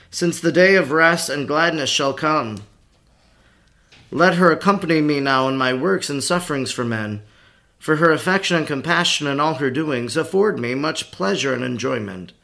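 A man voicing Christ as a meek, solemn grown man in a devotional storybook reading, his voice sitting a little high. The words come measured and unhurried. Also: lively intonation, vocal fry, sharp tone, exaggerated voice.

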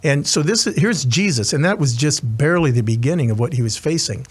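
Husky-voiced male chaplain preaching. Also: on the high side, expressive, fairly quick. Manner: earnest storytelling, many restarts and asides. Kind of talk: sermon.

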